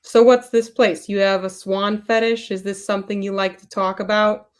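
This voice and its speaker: A woman's voice: medium pitch, little pitch movement, normal speed, clean tone, lightly acted. A woman voicing a sarcastic young male genius, reading his lines aloud with a weak attempt at a local accent. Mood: mocking. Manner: sarcastic, read aloud off a phone.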